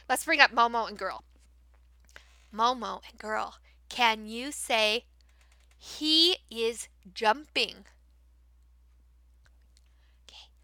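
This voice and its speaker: A woman teacher demonstrating how to run a class for young learners, switching between explaining to other teachers and modeling big, excited praise for kids. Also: sits high, no room sound. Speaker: teacher trainer. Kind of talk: training demo, modeling classroom talk.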